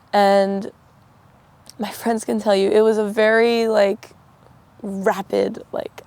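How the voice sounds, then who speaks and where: Young woman telling her faith story, says like a lot, kinda gravelly and pretty monotone. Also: medium pitch. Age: young adult. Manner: chatty, peppered with "like", acts out quoted exchanges. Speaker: interviewee sharing testimony. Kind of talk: personal testimony, casual storytelling.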